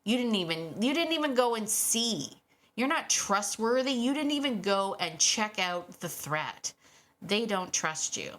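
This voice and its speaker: A middle-aged woman hosting a casual solo podcast about dogs, animated and quick to act out what dogs might say, laughing often. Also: medium pitch. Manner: animated, acts out dogs' voices, laughs often. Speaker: podcast host and dog trainer.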